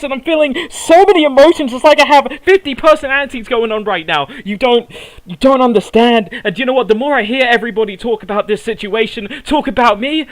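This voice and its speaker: A man's voice: very high voice, a bit bright, low-quality recording. A man giving a heated wrestling promo, ranting furiously and swearing heavily. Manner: halting and stumbling at the start.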